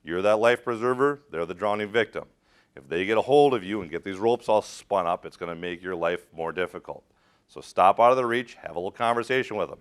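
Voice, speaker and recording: A man's voice: fairly low pitch, animated, a little fast, a bit bright. A middle-aged man teaching a rope rescue class, direct and practical, quizzing his students as he demonstrates. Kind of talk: hands-on safety training talk.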